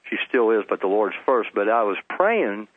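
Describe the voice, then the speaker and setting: A man's voice: on the low side, very animated, moderate pace, no echo. A middle-aged man, telling his personal testimony earnestly as a phone-in guest. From Texas. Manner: earnest storytelling with restarts. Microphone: telephone. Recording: tinny phone line.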